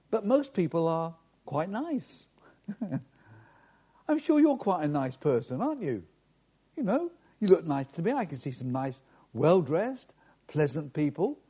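A man's voice: on the high side, dark tone, husky. A man, a pastor preaching a sermon directly and earnestly to his congregation.

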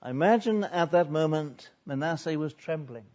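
A man preaching a sermon earnestly, building loud on repeated lists and then dropping low and quiet. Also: animated, moderate pace, highs cut off.

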